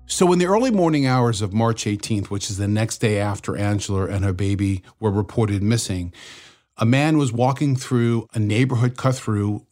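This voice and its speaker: A man with a fairly low voice walks through police procedure in a relaxed, step-by-step way. He explains it conversationally over faint music. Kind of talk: explanatory true-crime commentary.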